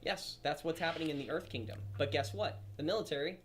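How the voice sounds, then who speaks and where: A man's voice: fairly high pitch, fast, slight background noise. A man giving opinionated video commentary, rambling and stumbling over his words.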